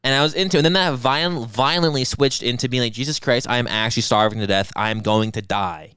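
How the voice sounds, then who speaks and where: Young male podcast co-host, fast animated storyteller, crude humor, dry close mic. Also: mid-range voice, clean tone, dry recording. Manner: crude, animated storytelling with acted-out self-quotes. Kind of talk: casual podcast banter.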